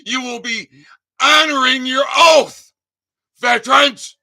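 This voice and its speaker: A man hosting his own channel, delivering a fervent rant full of hammering rhetorical questions, often shouting, his voice cracking with emotion. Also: very high-pitched, fairly even intonation, slow, gravelly. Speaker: channel host. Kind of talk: impassioned livestream rant.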